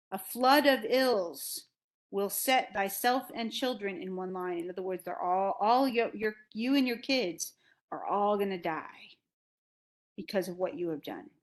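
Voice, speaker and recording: A woman voicing a stern, solemn old blind male prophet, reading archaic lines slowly and deliberately. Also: medium pitch, close to an everyday voice.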